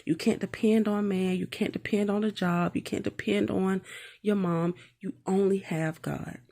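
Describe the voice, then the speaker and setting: A woman's voice: medium pitch, steady tone, moderate pace, creaky, warm tone. A woman reading a Bible passage and reflecting on it from her own life, in an earnest, personal way. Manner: earnest, reflective, talks straight to the viewer with tag questions. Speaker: mother sharing devotional reflections.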